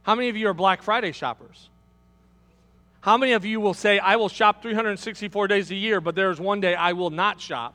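A male pastor, preaching a sermon in an animated storytelling manner and asking the congregation questions. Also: high voice, brisk, long reverb tail.

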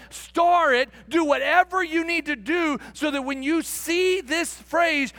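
A man preaching a sermon as pastor, emphatic and repetitive, calling the congregation friends, building to excited shouts and then dropping to a quiet, close tone. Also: extremely high pitch, dry recording. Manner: emphatic, repeats phrases, addresses the congregation as friends. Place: church sanctuary.

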